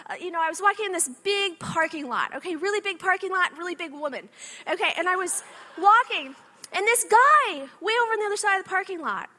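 A woman in her thirties giving a faith-based motivational talk to an audience, telling animated personal stories and often checking in with "okay?". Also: extremely high pitch, fast talker. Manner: animated storytelling with frequent "okay?" asides. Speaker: speaker addressing an audience.

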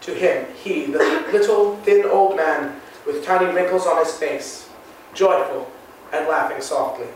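A man narrating a classic novel in a measured, solemn way. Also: on the high side. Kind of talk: audiobook reading of a classic novel. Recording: very echoey room, mic far off, faint hiss.

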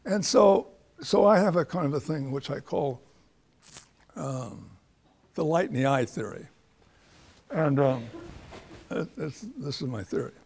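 A man's voice: a little high, animated, unhurried, vocal fry, pauses often, a little mellow, breathy edge. An older man, a professor, answering a student's question in an informal lecture with a rambling, anecdotal way of talking and many restarts.

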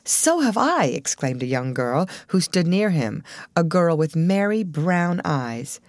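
A woman narrating an old adventure novel in an expressive, varied reading voice. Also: deep voice, takes it slowly, no room sound. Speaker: audiobook narrator. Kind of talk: storybook narration.

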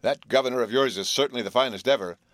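A man's voice: medium pitch, fast talker, fairly bright tone, dry recording, pitched above the performer's own voice, natural voice. A man voicing a good-hearted, enthusiastic teenage boy who gushes cheerfully in a storybook. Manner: gushing, cheerful.

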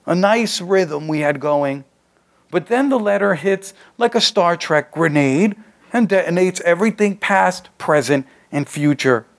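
A man reads his own fiction aloud in a loose, conversational first-person voice. The delivery is streetwise and unpolished, like someone talking to his friends. His voice sits a touch high for a man. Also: lively intonation, unhurried. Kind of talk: live reading of a short story.

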